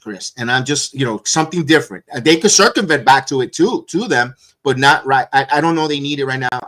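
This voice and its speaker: A hoarse man co-hosting a casual podcast, rambling and restarting his sentences often. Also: mid-range voice, a bit bright. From USA. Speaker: co-host. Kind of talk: casual wrestling podcast chat.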